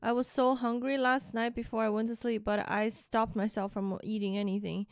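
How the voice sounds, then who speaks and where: A woman's voice: a little high, level tone, moderate pace, few pauses, dry recording, studio quality. A young woman streaming live, chatting casually and greeting viewers one by one by name.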